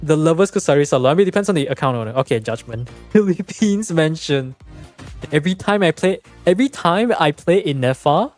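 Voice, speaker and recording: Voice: mid-range voice, lively intonation, fast talker, hardly any pauses, soft background music. A game streamer in casual livestream chat, explaining numbers, chatting and laughing often.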